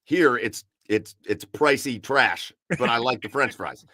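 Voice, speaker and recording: This podcast host is a chatty man running a relaxed sports talk show, rambling with lots of fillers and repeated words. His mid-range voice sounds bright and forceful, moving a little slowly. The audio is dry and close, without any room echo.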